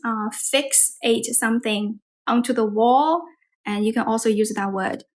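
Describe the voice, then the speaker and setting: Young chinese woman chatting in english, slightly high voice, lots of likes and ums. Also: unhurried, a little mellow. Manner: chatty, many fillers like "like" and "um". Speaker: live-stream host practicing English. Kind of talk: casual conversation practice.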